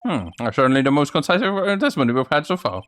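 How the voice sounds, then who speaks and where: A man's voice: on the high side, sing-song, fast, a bit bright. A man voicing a flustered elderly male judge in a courtroom game, hesitant and stammering.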